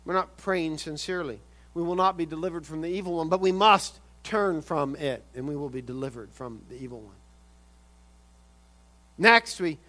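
A man preaching a sermon, swinging from loud urgent emphasis to quiet intensity and often repeating words. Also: high-pitched. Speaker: pastor.

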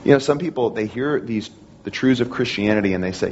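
A man's voice: medium pitch, brisk. Man, pastor preaching, earnest and repetitive, dull recording, faint hiss. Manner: earnest, repetitive phrasing with frequent restarts. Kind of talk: sermon.

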